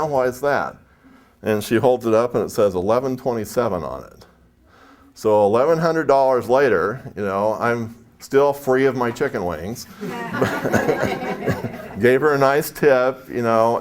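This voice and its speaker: A man from San Jose, California, telling a chatty, anecdotal story to a live audience as a speaker at a spiritual expo, acting out the dialogue. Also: lowish voice.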